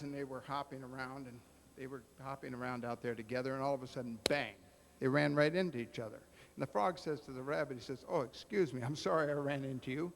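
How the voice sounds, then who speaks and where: A man's voice: mid-range voice, slight background noise. A man emceeing a roast, telling long jokes and acting out the punchlines. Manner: joke-telling storyteller with voiced punchlines.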